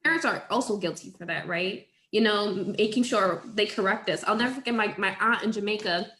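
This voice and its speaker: A woman's voice: mid-range voice, a little fast, fairly bright tone, reverberant. A woman who teaches, chatting casually and animatedly, acting out quotes and laughing often. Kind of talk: casual conversation.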